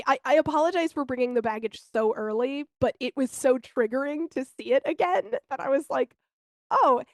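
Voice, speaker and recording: Higher-voiced woman telling candid stories. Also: a little fast, no echo. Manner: animated, candid storytelling with swearing. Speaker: podcast co-host. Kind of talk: casual chat.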